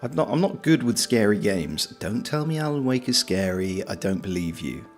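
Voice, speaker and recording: A man's voice: fairly low pitch, very animated, moderate pace, soft background music. A British man streaming, chatting casually and reading out viewer comments in a joking, self-deprecating, rambling way. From Britain.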